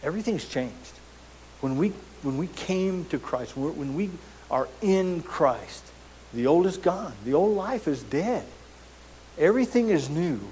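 A man's voice: a little high, expressive, a little slow, a little mellow, slight background noise, poor audio. A man preaching a sermon as pastor, emphatic, posing rhetorical questions and repeating words as he goes.

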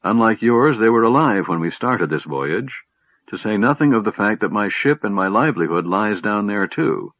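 A man's voice: on the low side, lively intonation, moderate pace, no room sound. A man doing a bitter weary sea captain. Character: weary grieving middle-aged ship captain. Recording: dull, lo-fi, dry sound.

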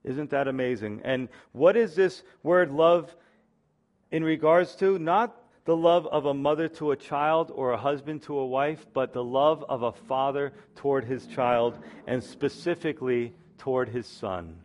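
A man's voice: medium pitch, a little slow. A middle-aged man preaching a sermon, teaching verse by verse in an emphatic, earnest way. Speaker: pastor.

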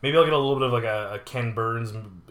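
A man's voice: medium pitch, fast, a bit bright, reverberant. A man co-hosting a casual podcast, playful and jokey, trailing off with fillers as he talks. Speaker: podcast co-host. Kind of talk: casual chat.

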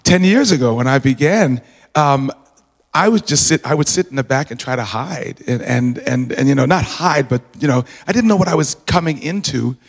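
A man of middle pitch speaks earnestly to a church congregation, halting and restarting as he gives thanks. A long reverb from the sanctuary trails his voice. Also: expressive. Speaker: congregant sharing gratitude. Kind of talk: informal personal testimony. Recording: reverberant hall.

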